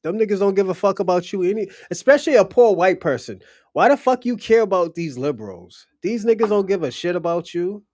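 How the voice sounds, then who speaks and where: A young man hosts a casual livestream chat, his voice sitting a little high for a man. He talks bluntly and profanely, wandering from story to story. The sound is dry and close, with no room around it. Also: animated, fairly quick, a little mellow, no room sound. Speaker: livestream host.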